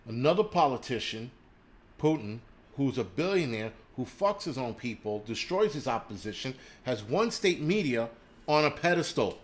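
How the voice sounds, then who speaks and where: His voice sits in the middle range and moves at a normal speed, very animated throughout. As a livestream host on an angry, profane rant, he stops now and then to read out what viewers wrote and who donated.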